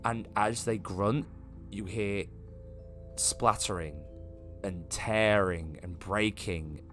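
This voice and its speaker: A man narrating a tabletop game as game master, describing scenes in a relaxed way with many fillers. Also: on the low side, slow, soft background music.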